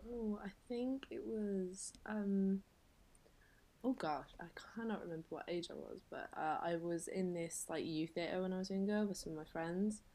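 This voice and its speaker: A woman's voice: medium pitch, moderate pace, mellow. A young woman chatting casually as a podcast guest, self-deprecating and laughing often. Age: young adult.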